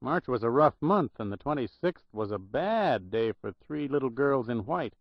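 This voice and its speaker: A man's voice: mid-range voice, animated, moderate pace, dry recording. A man voicing a slangy, jaunty young records clerk in an audiobook, on a dull, dry recording. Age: young adult.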